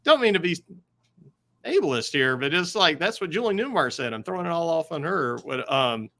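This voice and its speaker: Guy on a podcast, bright crisp voice, lots of um and like, just chatting. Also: on the high side, sing-song, normal speed. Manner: chatty and hesitant, many fillers. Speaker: podcast guest, comic writer. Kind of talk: casual chat.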